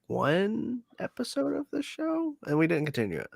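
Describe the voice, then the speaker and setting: A man's voice: sits high, wildly swooping pitch, moderate pace, vocal fry, no room sound, clean studio sound. A man hosting a casual livestream chat, hesitant and unsure, often trailing off with "I don't know.". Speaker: host.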